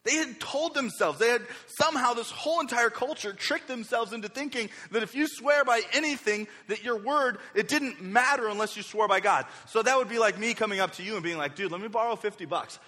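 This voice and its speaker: A young male pastor with a high, bright voice preaches with energy, acting out quoted speakers as he goes. A long reverb hangs on each phrase. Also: a little fast, few pauses. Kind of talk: sermon. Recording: reverberant hall.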